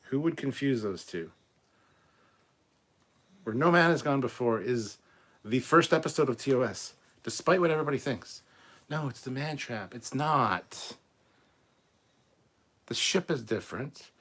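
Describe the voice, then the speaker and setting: A man hosting a live stream, reading out viewer comments and giving blunt, opinionated answers, often clearing his throat and stumbling over words. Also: medium pitch, a bit bright. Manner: blunt and opinionated, swears casually. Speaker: host of a live show.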